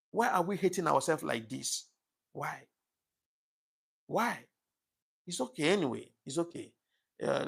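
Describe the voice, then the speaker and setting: Male livestream host, gravelly voice, thankful and apologetic, emotional, casual chat. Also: fairly high pitch, fairly bright tone. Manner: emotional, says things get to him easily. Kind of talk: casual live-stream chat reading comments.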